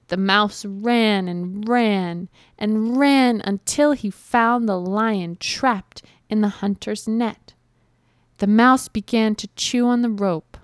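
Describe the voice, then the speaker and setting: A woman reading a children's fable aloud in a clear, simple, even storytelling manner. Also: medium pitch, dry recording, clean studio sound.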